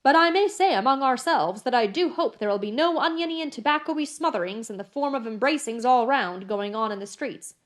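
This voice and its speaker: A woman reading the part of a brisk, stubborn, fiercely loyal English maid, speaking emphatically in an audiobook. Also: high voice, expressive. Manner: emphatic, brusque.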